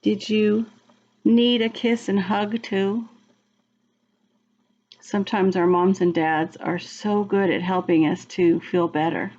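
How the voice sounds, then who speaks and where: A woman reading a picture book aloud to young children, gently pausing to ask them questions. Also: medium pitch, fairly even intonation, highs cut off. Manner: slow, gentle, asks the listener questions. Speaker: early-childhood reader.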